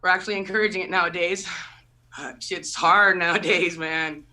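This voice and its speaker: A woman's voice: fairly low pitch, steady tone, moderate pace, pushed and bright, recorded from a distance. A woman doing a loose stand-up set over a video call, swearing and laughing at her own jokes. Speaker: stand-up comic.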